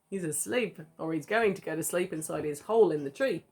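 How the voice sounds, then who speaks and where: A woman's voice: fairly low pitch, darkish tone, husky. A mother reading a picture book aloud to her child, playful, with chatty asides.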